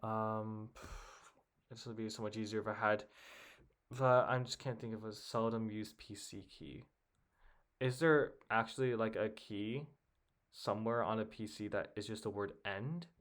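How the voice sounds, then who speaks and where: A man's voice: lowish voice, steady tone, unhurried, fairly bright tone. A young man thinking aloud as he works a crossword alone, muttering guesses and half-words to himself. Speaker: puzzle solver. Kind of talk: casual solo commentary while solving.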